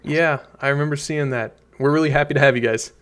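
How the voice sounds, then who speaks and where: A man's voice: a little high, steady tone, quick pace, a bit bright, a little hiss or hum. A man hosting an online meeting for a game event, friendly and easygoing as he answers questions. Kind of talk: casual meeting talk.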